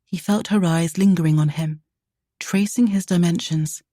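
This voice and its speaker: A woman narrating a romance audiobook in a soft, measured way. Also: lowish voice, fairly even intonation, dry recording, clean studio sound.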